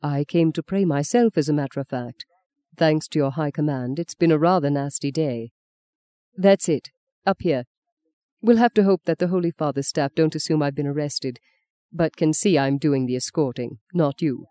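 A narrator voicing a tall, kindly, middle-aged archbishop who talks slowly and softly, with gentle wryness. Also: mid-range voice, dry recording, natural voice. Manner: slow, soft, gently wry. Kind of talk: audiobook character reading.

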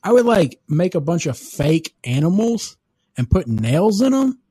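A man's voice: sits high, sing-song, a little slow, mellow, breathy edge, dry recording. A man chatting casually as a podcast co-host, rambling and laid-back, cursing and laughing at his own ideas. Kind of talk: casual chat.

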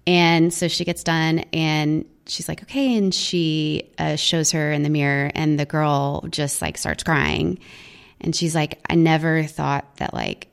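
Low, gravelly-voiced woman telling stories. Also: flat delivery, slow pace. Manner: chatty, filler-heavy, quotes people. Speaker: guest, charity event organizer. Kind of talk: casual storytelling interview. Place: studio.

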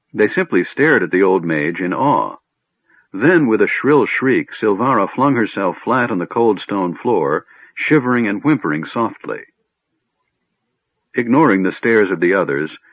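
Male audiobook narrator, expressive, lively delivery, dry narrow recording. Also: low voice, breathy edge, no echo. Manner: expressive storytelling. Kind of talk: scripted narration. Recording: narrow phone-like sound, dry.

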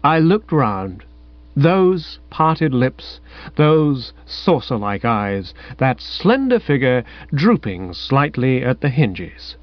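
A man's voice: medium pitch, big pitch swings, takes it slowly, no room sound. A man narrating a comic story in the first person with an airy, wry manner. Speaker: audiobook narrator. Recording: dull, dry, lo-fi sound.

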